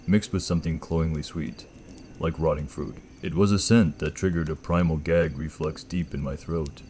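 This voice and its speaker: Deep-voiced man narrating measured horror. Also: darkish tone, slight background noise. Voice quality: slight gravel in the throat. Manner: slow, measured, ominous delivery. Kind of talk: scripted first-person horror narration.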